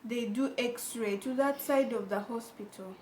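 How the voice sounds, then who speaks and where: A woman's voice: on the high side, measured pace, a little mellow, a little hiss or hum, lightly acted. A woman imitating a nagging, dismissive male hospital doctor in a drawling, sing-song way, in an echoey room.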